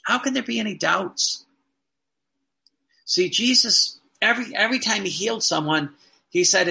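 A man's voice: high-pitched, moderate pace, creaky, bright, forceful tone. A man, a Catholic priest, preaching a sermon earnestly, repeating phrases and asking the listeners rhetorical questions.

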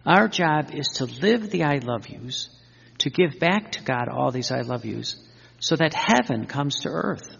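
A man's voice: medium pitch, lively intonation, a little slow, gravelly, fairly bright tone, breathy edge. A man preaching an earnest Catholic-style sermon, repeating himself, restarting phrases and building long fervent lists. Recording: dull lo-fi sound with long hall reverb.

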